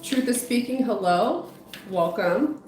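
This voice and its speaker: At a slow pace and with lively intonation, a medium-pitched woman reads tarot on a livestream, chatting informally and greeting viewers; she works as a spiritual medium and psychotherapist. Her sentences often trail off and restart. Music plays in the roomy-sounding recording, made at home with a dog outside.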